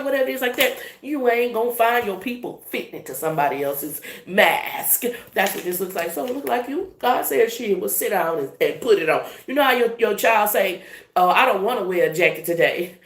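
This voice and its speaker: A woman giving a casual, profane and emphatic tarot reading with laughing asides. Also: mid-range voice. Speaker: tarot reader. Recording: echoey room, faint noise.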